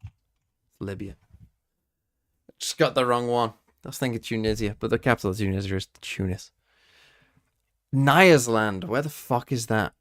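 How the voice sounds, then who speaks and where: A man's voice: on the low side, normal speed, pauses often, fairly bright tone. A young British man streaming, swearing casually as he guesses quiz answers and talks to his chat. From Britain. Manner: swearing, quizzing himself aloud and talking to chat.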